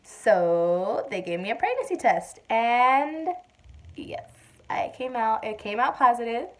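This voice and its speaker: A young woman vlogger casually telling a personal story to the camera, chatty and full of fillers, acting out quotes loudly. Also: on the high side, lively intonation, slow.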